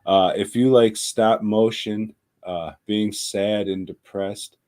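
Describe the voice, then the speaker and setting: A man co-hosting a podcast, recommending movies with profane, deadpan jokes. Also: on the low side, takes it slowly. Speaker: podcast co-host. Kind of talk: casual podcast chat.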